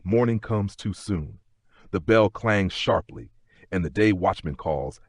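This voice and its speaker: Male sleep-story narrator, deep and husky, dry booth sound. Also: lively intonation, no echo. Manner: slow, gentle, second-person telling.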